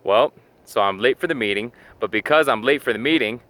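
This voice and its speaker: A man's voice: mid-range voice, fairly quick, fairly bright tone. A man giving a casual motivational talk to camera, chatty and full of "you know", acting out everyday scenes as he explains. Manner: acts out little scenes in quoted asides. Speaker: fitness and self-help video host.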